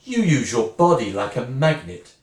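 A woman's voice: very deep voice, big pitch swings, normal speed. A woman acting a sarcastic, wounded wife who is leaving her husband, speaking one side of a phone call in a dramatic monologue. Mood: cold hurt. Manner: sarcastic, swinging between mocking and furious. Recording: roomy, distant mic.

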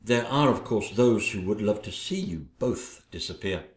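A man voicing a stern woman visitor who speaks in a grave, measured way. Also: lowish voice, lively intonation, reverberant, voice pushed down, natural voice.

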